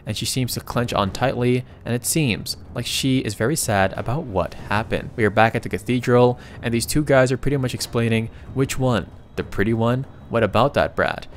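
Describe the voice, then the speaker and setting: Excitable man recapping a comic. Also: medium pitch, moderate pace, few pauses, slight background noise. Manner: excitable, frequent exclamations. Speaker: recap narrator. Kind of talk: casual comic recap narration.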